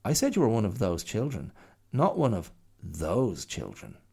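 A man's voice: on the low side, very animated, vocal fry, dark tone, breathy edge, exaggerated voice. A man playing a prim little bear. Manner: matter-of-fact, prim, brisk. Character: little proud fussy male bear helper. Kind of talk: storybook reading.

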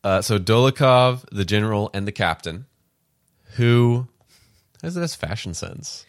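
A man with a notably low, deep voice chats casually as a podcast co-host. He lays out history in long, unhurried explanations. The sound is dry and close, with almost no room in it. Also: no room sound. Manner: explains history at length, thoughtful and relaxed. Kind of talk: casual chat.

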